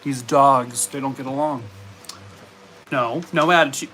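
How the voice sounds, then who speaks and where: A man's voice: medium pitch, steady tone, measured pace, bright, forceful tone, a little hiss or hum. A man live streaming from home, chatting casually and playfully scolding and baby-talking his dogs. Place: home in Arizona.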